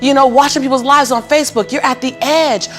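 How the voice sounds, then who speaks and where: A middle-aged woman telling her life story as a guest in an interview, animated and building to preacherly peaks. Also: sits high, a little fast, faint music behind. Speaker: motivational speaker, guest.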